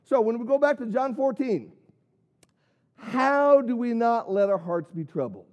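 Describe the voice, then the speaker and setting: A man's voice: very high voice, lively intonation, unhurried, highs cut off. A man preaching a sermon, earnest, with many rhetorical questions and punched key words. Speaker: pastor.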